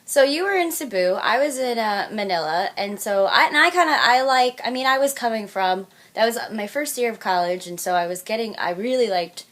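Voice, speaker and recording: A woman's voice: fairly high pitch, animated, a little fast, hardly any pauses, a bit bright. A young woman from New York chats as a podcast co-host. She is upbeat and talkative, filling her speech with "like" as she goes. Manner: chatty, upbeat, many "like" fillers. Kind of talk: casual chat.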